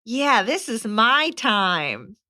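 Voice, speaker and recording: A woman's voice: a little high, sing-song, extremely slow, pushed and bright. A woman co-hosting a podcast, telling stories animatedly and laughing often. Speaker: podcast co-host. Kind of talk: casual chat. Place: greater Atlanta area.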